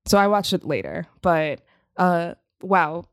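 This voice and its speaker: Casting: woman in her 30s, low-pitched, excitable chatty co-host, dry close sound. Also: takes it slowly, dry recording. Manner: chatty, laughs often, excitable. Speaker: podcast co-host. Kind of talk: casual chat.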